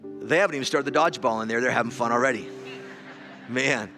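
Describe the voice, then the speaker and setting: A pastor delivers a sermon in a church hall before an audience, telling a story with repeated words and building to a loud emotional climax. His medium-pitched voice moves fast, with faint music behind him.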